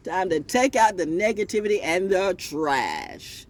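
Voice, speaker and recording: A man telling a rambling spiritual story outdoors, confrontational and animated, with laughing asides. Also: on the high side, takes it slowly, long pauses, slight background noise. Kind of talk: rambling casual monologue.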